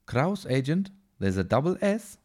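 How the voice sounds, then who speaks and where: A man's voice: fairly high pitch, very animated, measured pace, a little mellow, voice pushed up. A man doing an impression of a stern, rule-bound male agent with a heavy foreign accent, speaking in a clipped, commanding way. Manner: clipped, commanding, fussy over his name.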